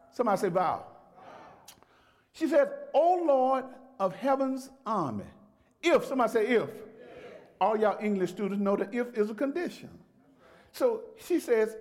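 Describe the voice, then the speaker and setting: High-pitched pastor guy preaching, keeps getting folks to say stuff back. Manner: call-and-response preaching, folksy; rising to shouts at climaxes. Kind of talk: sermon. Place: church.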